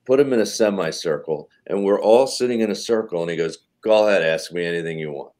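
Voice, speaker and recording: A man with a deep, low voice spins a loose, profane backstage anecdote in a relaxed podcast chat. He talks casually, slips into quoted voices, and keeps the story rolling with asides. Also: fast talker. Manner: animated anecdote telling with swearing and acted quotes. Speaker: comedian guest.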